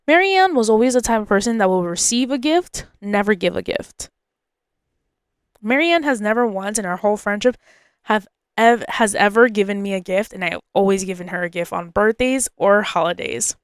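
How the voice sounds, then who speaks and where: A woman's voice: medium pitch, moderate pace, smooth, no room sound, studio quality. A woman hosting a podcast, telling a personal story in an emotional, confiding way and often repeating herself. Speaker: podcast host.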